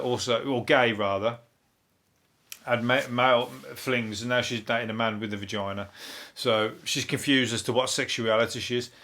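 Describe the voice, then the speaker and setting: A man's voice: mid-range voice, bright, forceful tone. A man hosting a comedy podcast, rambling through the day's news with plenty of swearing and laughing at his own jokes. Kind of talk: casual comedic news chat.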